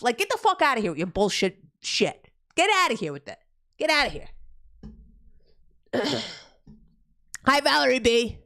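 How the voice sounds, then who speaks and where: A young woman from New Jersey talks to her live-stream chat in a loose, profane rant. Her voice swoops high and low with lively, animated pitch. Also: normal speed, long pauses. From New Jersey, USA. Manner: profane ranting, loud swings in pitch. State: pregnant.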